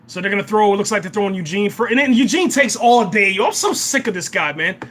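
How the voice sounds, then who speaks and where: A young man hosts a live reaction and review of a TV episode, talking fast in a high voice. He's excitable, repeats himself often, and keeps tacking "man" onto his sentences.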